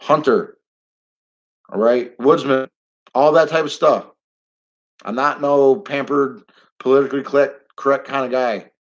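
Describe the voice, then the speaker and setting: A middle-aged man talks off the cuff on a live stream, blunt and rambling, quick to get heated and let a curse slip. His voice sits at an ordinary middle pitch. The sound is dull and lo-fi, like cheap streaming audio. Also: steady tone. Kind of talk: casual live-stream monologue.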